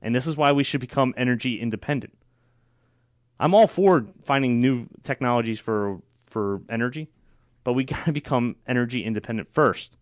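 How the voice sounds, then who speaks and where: A man's voice: medium pitch, fairly quick, no echo, clean studio sound. A man hosting a political talk show, opinionated and sarcastic, with frequent fillers and restarts. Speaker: radio show host.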